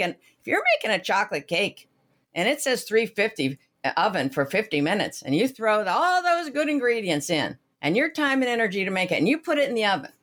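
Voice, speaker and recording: A woman's voice: a little high, fairly bright tone. A woman, a financial advisor being interviewed, explaining with energy and everyday analogies. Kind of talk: animated interview talk.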